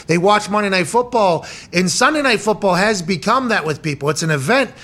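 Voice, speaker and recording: Bright, excitable male sports host. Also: high voice, fairly quick. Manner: excitable, hypes up the guest. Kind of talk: casual chat.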